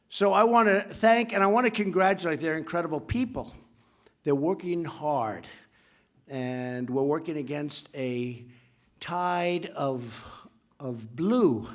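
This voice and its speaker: A man's voice: a little high, a bit bright. A man giving an off-the-cuff speech at a signing event, rambling and boastful, with asides to people in the room.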